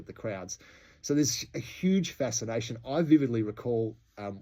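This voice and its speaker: A man's voice: medium pitch, mellow. An Australian man hosting a history podcast, telling the story in a chatty way and laughing between points. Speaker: podcast host.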